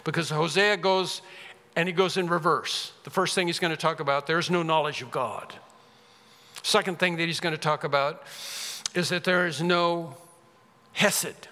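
A man's voice: a little high, fairly even intonation, normal speed, bright, forceful tone. A man preaching a sermon, emphatic, often repeating phrases with rising force. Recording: reverberant hall.

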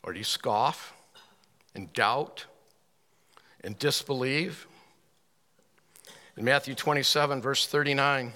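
Slow, bright-voiced preacher in a reverberant hall. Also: male voice, medium pitch, lively intonation. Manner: reads scripture aloud slowly, rising emphasis, frequent throat clearing; asks the audience pointed questions. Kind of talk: sermon. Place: room with listeners.

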